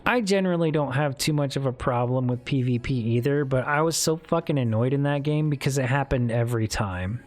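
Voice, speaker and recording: A man's voice: mid-range voice, fairly quick, few pauses. A man streamer chatting casually with his viewers, rambling and candid, swearing now and then. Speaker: streamer talking with chat. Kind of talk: casual live-stream chat.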